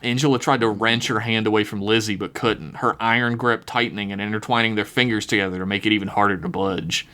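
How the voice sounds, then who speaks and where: A man's voice: lowish voice, fairly even intonation, quick pace, few pauses, pushed and bright. A man hosting a podcast, narrating an improvised horror story with casual, wry asides. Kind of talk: improvised spoken-word fiction narration.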